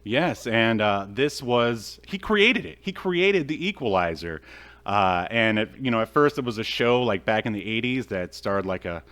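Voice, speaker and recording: A man's voice: on the low side, lively intonation, moderate pace, fairly bright tone, smooth. Jokey male podcast host. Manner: jokey, filler-heavy. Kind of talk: casual podcast chat.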